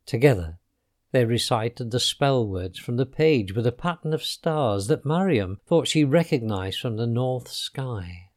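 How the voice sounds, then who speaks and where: A man narrating a children's storybook in an expressive, unhurried way. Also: medium pitch.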